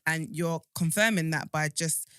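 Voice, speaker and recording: A woman's voice: sits low, moderate pace, fairly bright tone, smooth, dry recording, clean studio sound. A woman, co-hosting a podcast in casual chat, talking emphatically with many restarts. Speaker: podcast co-host.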